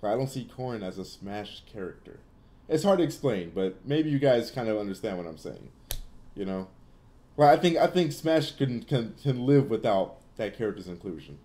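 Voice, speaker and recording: A young man hosts a laid-back livestream Q&A, answering viewers with blunt, opinionated takes and loose, rambling filler. His voice sits low, and its tone is dark and mellow. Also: expressive, normal speed. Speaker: livestream host answering chat. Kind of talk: casual Q&A livestream chat.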